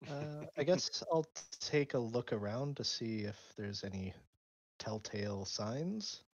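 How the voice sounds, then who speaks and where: A man's voice: medium pitch, lively intonation, slow pace, muffled recording, slight background noise. A man playing a tabletop game, speaking tentatively about his character's actions. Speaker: player.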